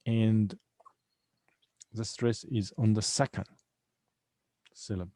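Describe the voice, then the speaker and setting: A male English teacher with a low, gravelly voice, speaking very slowly and deliberately. He repeats each word several times and splits it into syllables to show where the stress falls. The sound is close and dry. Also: fairly even intonation, warm tone, no room sound, rough recording. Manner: breaks words into syllables and stresses them clearly. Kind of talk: recorded online lesson.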